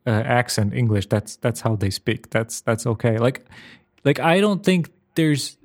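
A man co-hosting a podcast in relaxed conversation, asking questions and circling back over his own words as he thinks out loud. His voice has a middle pitch and plain, unforced delivery. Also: a little slow. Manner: inquisitive, hesitant, repeats words while thinking. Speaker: podcast co-host. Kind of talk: casual chat.

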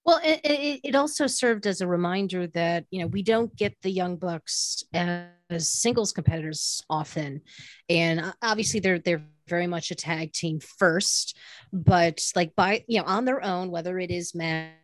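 A woman's voice: on the low side, measured pace, dry recording. A woman co-hosting a wrestling podcast, talking casually in a rambling way with many fillers and restarts. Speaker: podcast co-host. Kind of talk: casual chat.

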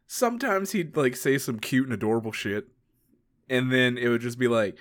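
A man's voice: mid-range voice, lively intonation, moderate pace, a bit bright. A man co-hosting a podcast, chiming in with short agreements and wry asides during a casual book recap. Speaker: podcast co-host.

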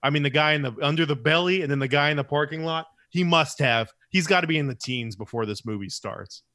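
A man's voice: fairly high pitch, bright, forceful tone. A man co-hosting a podcast, chatting casually with rambling jokes and asides. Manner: joking, rambling, quick asides. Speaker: podcast co-host. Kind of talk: casual comedic chat.

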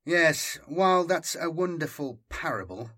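A man's voice: a little high, animated, pushed and bright, voice pushed up, heavily acted. A man doing a dry, sardonic veteran soldier. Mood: wry. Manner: wry, measured.

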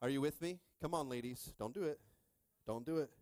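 A middle-aged man pastor preaching a sermon with call-and-response, joking with the congregation and rising into shouted stretches. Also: mid-range voice, fairly quick, no room sound.

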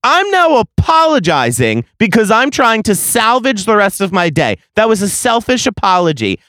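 A man's voice: sits high, fairly bright tone, clear, resonant tone, dry recording, clean studio sound. A man in his late twenties hosting a solo podcast, telling a story in a profane, exasperated, sarcastic rant. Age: late 20s. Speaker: podcast host.

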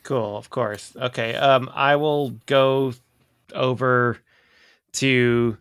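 A man's voice: medium pitch, steady tone, very slow, a bit bright, smooth, no echo, studio quality. A man playing a tabletop game in a casual way, asking questions and restarting his sentences. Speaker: player.

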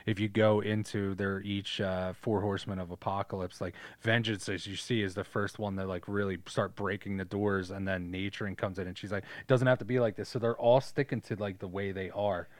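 A man's voice: fairly low pitch, steady tone, fairly quick, hardly any pauses, dry recording. A man co-hosting a podcast, talking loosely and casually about a film, swearing freely. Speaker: podcast co-host. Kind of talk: casual movie chat.

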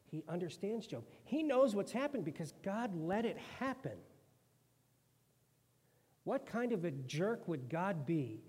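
A man with a somewhat high voice preaches a sermon, talking to his listeners in a casual, conversational way and slipping into quoted voices. His words ring out with a long hall reverb around them. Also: big pitch swings, unhurried, a little mellow, slightly rough.

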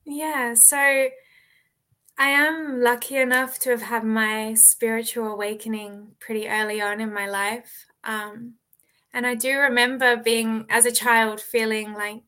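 Bright bubbly Australian woman. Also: fairly high pitch, fairly even intonation, a little slow. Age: young adult. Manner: bubbly, laughs often. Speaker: author and guest. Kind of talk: casual interview.

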